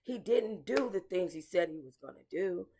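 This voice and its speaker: A woman's voice: lowish voice, expressive, normal speed, warm tone, breathy edge. A woman hosting casual commentary, talking bluntly and emotionally to her viewers, swearing and calling them y'all. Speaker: commentary channel host.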